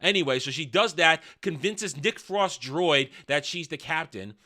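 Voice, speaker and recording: A man tears into a TV episode in a video review, his delivery heavy with sarcasm and scorn. His voice is bright and forceful, pitched a little higher than most men's. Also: lively intonation, measured pace. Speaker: film and TV reviewer.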